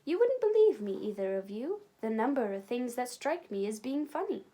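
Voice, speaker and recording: A woman reads as a round, bald old uncle who is loud and cheery and laughs easily. He talks brightly with lively swings of pitch and a slightly apologetic warmth. A storybook reading. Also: normal speed.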